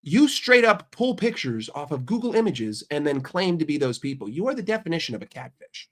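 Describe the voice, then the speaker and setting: With a fairly high, sing-song voice and a brisk pace, this American man answers his chat on a casual livestream. He's stuffed up from a cold, and his banter is brash, full of swearing and mock outrage.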